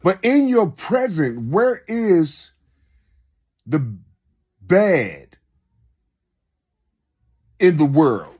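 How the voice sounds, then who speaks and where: Man, high voice with a wide swinging pitch, loose off-the-cuff monologue full of rhetorical questions. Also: darkish tone. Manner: rhetorical questions, repeats himself; unscripted, loose and conversational. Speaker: speaker sharing reflections. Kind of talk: rambling spoken monologue.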